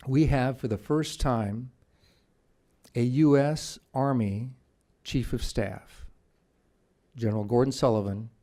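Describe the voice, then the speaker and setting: A man presenting at a policy conference, telling anecdotes in a halting way with many restarts. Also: medium pitch, dark tone. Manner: storytelling with quoted voices. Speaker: conference panelist. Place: conference room.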